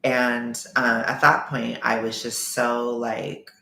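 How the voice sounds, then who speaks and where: A man's voice: mid-range voice, flat delivery, slow pace, gravelly, bright, forceful tone. A man vlogger telling a personal story in a candid, emotional, rambling way. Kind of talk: storytime vlog. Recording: echoey room.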